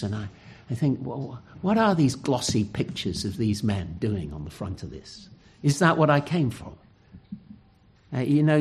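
Emphatic preacher, lively pitch. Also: male voice. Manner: emphatic, earnest, with dramatic pauses. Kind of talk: sermon.

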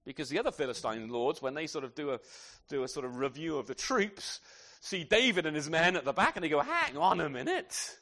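A man delivers a sermon in a chatty, conversational manner and keeps checking in with his listeners through rhetorical questions. His voice sits high and swings widely in pitch. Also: animated, quick pace, sharp tone. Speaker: preacher.

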